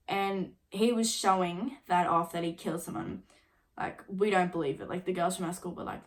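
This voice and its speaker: A young woman in her late teens telling a story on her own vlog, casual and chatty, filling every pause with "like" and swearing now and then. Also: on the low side, steady tone. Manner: chatty, filler-heavy with constant "like"; swears casually while retelling. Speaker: vlogger.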